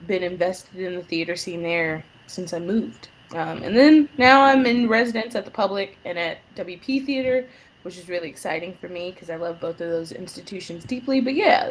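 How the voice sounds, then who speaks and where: A young woman speaking as a guest playwright in a casual interview, telling stories with lively, animated delivery and frequent laughter. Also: a little hiss or hum. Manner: animated storyteller, acts out quotes with big pitch jumps, laughs often.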